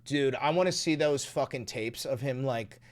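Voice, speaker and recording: A man giving casual, profane political commentary, swinging from sarcastic muttering to excited outbursts. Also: medium pitch, normal speed.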